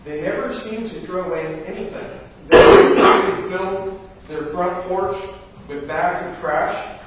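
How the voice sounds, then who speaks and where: A man's voice: fairly high pitch, slight background noise. A man preaching a sermon as pastor, telling stories and acting out the voices of the people in them. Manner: animated storytelling, acts out voices. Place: church sanctuary. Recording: very echoey church, from far off.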